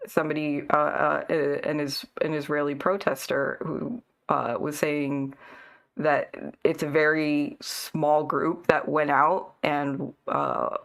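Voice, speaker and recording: Low-voiced woman talking politics. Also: flat delivery, gravelly, fairly bright tone. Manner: measured, thinks aloud with fillers. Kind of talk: casual political chat.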